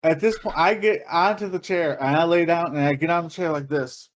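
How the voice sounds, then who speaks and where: A man co-hosting a podcast, telling a story in casual chat, animated and profane, laughing and acting out other people's voices. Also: fairly high pitch, a little fast. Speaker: podcast co-host.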